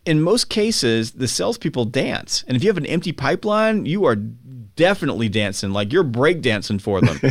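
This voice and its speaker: A man as a podcast guest, explaining with emphatic energy and acting out buyers and sellers in quick quotes. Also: mid-range voice, very animated, dry recording, clean studio sound. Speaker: podcast guest, sales author. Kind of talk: conversational explaining.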